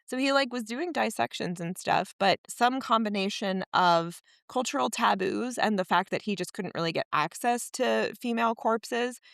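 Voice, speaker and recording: Woman co-host for a casual book club chat, lively and talkative, close dry mic. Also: fairly high pitch, vocal fry, no room sound. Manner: chatty, animated, quick asides. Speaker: podcast co-host.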